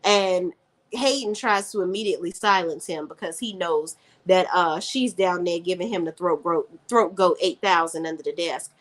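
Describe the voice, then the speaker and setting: A woman's voice: lowish voice, moderate pace. A woman giving a blunt, opinionated casual recap of a TV drama as a reviewer. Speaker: TV show reviewer.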